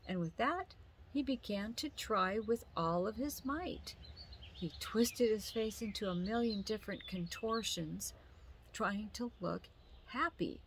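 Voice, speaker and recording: A woman reading a children's story aloud slowly and gently. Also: medium pitch, lively intonation, a little hiss or hum.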